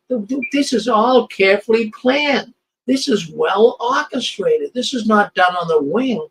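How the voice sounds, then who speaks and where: High-voiced older male host, sarcastic and indignant, stumbles over his words. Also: unhurried, poor audio. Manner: indignant, sarcastic, stammering restarts. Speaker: commentary show host. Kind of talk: live commentary over video clips.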